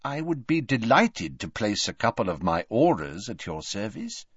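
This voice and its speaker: A man's voice: on the low side, very animated, normal speed, breathy edge, dry recording, dull audio. A man doing a cold, stiff official. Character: cold, stiff middle-aged male minister.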